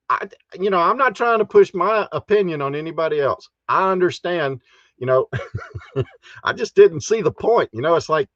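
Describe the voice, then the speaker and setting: A man's voice: on the high side, expressive, a little slow, long pauses, a bit bright, no room sound, highs cut off. A man hosting a casual live stream from his camper, chatting and chuckling as he reads out viewer comments. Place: inside a camper.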